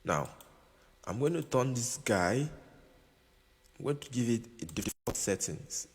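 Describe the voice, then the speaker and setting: A man's voice: medium pitch, expressive, unhurried. A man teaching music production in a casual tutorial while playing a keyboard, often repeating himself and checking that the listener understands. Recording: room with long reverb, keyboard music behind.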